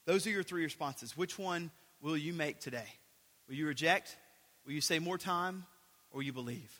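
A man's voice: on the high side, moderate pace, sharp tone. A man preaching a sermon as a pastor, earnest, and repeating key phrases for emphasis. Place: church sanctuary. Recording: echoey hall.

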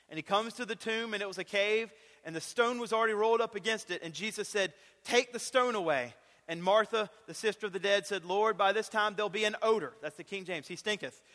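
Preacher, male, bright forceful tone, emphatic repetition, echoing hall. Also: high-pitched. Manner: emphatic, repeats key phrases. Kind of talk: sermon. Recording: long reverb of a large hall.

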